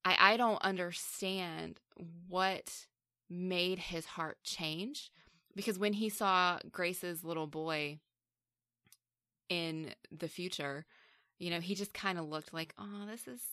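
A woman's voice: on the low side, fairly even intonation, takes it slowly, pushed and bright, clean tone, no echo, clean studio sound. A woman co-hosting a film discussion, talking casually and analytically, sometimes acting out characters' lines. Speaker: film review podcast co-host.

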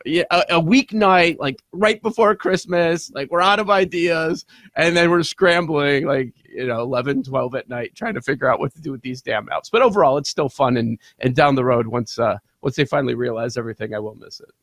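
A man's voice: on the high side, fairly quick, fairly bright tone, no echo, studio quality. A man co-hosting a sports show, telling a rambling home story with frequent laughs. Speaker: co-host. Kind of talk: casual chat.

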